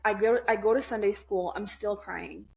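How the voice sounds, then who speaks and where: A woman's voice: medium pitch, gravelly, darkish tone. Blunt, swearing young woman telling her story. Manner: blunt, swears freely, halting restarts. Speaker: podcast guest. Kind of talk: candid conversational storytelling.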